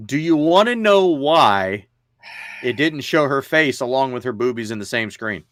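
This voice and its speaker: A man's voice: mid-range voice, expressive, normal speed, a bit bright, dry recording. Blunt joking man, dry close sound. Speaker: podcast co-host. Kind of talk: casual movie review chat.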